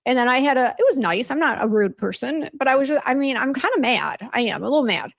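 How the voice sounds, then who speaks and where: Woman, livestream host, chatty, venting, raspy fry, slightly high. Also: animated, fast talker. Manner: chatty, venting, lots of "like" and restarts. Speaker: beauty brand owner hosting a livestream. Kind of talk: casual livestream chat reading viewer comments.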